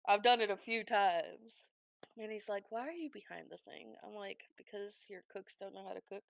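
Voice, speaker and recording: A woman streamer telling work stories in casual chat, animated and swearing freely. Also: medium pitch, normal speed, gravelly.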